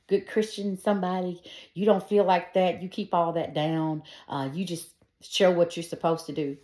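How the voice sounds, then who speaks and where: Low-voiced woman telling her faith story. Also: steady tone, moderate pace, darkish tone. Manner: earnest and conversational, talks straight to her listeners. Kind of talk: personal faith testimony told casually. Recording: echoey room.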